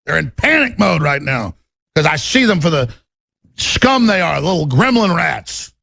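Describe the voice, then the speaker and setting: Talk radio host, man, middle-aged; husky rasp, fairly high-pitched, fierce rant. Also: animated, a little slow, a bit bright, no room sound. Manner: intense, ranting, swings to menacing low growls in acted quotes. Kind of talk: political talk radio monologue.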